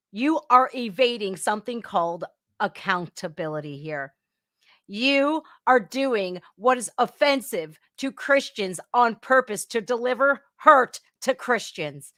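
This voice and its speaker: A woman's voice: a little high, no room sound, studio quality. A woman hosting a reaction podcast, talking bluntly and scolding what she watches. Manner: blunt, scolding, laughs loudly. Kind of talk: casual commentary reacting to a video clip.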